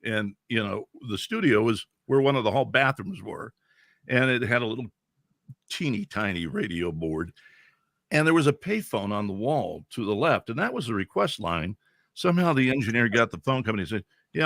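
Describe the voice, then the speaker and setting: A man in his sixties from Central California tells radio stories with lively, chuckling energy. His voice is bright and forward, at a middling pitch. It is recorded close and dry, with no room sound. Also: moderate pace, vocal fry, dry recording. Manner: animated, chuckling anecdotes. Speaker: veteran radio DJ, podcast guest. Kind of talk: casual storytelling.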